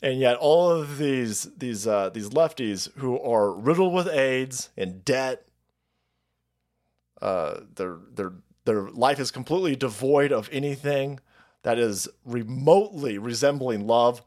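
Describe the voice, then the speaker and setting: A man's voice: medium pitch, lively intonation, measured pace, a little mellow. A man hosting a livestream, ranting about politics in a crude, mocking way with many restarts. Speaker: livestream host. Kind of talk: profane political rant.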